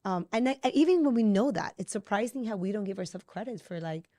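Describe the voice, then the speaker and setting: A woman hosting a podcast, talking casually with quick, conversational restarts. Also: medium pitch, expressive, mellow, no room sound, clean studio sound. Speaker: podcast host. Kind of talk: casual chat.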